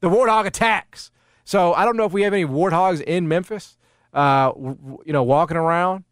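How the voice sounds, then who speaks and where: A man's voice: fairly high pitch, brisk, clean tone, dry recording, clean studio sound. A man hosting sports talk radio, telling stories animatedly with lots of fillers. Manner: animated storytelling with many fillers. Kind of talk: casual sports radio banter.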